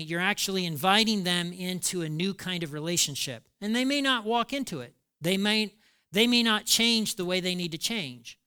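Guy preaching a sermon, bright smooth voice, acts out the quotes. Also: high voice. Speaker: pastor.

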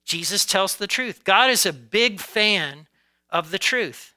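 A man's voice: high voice, lively intonation, bright, forceful tone, low-quality recording. A man preaching a sermon to his congregation, talking conversationally and often checking in with "okay?" and "right?". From United States. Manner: occasional laughs, varies pace from drawn-out emphasis to quick asides. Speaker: pastor.

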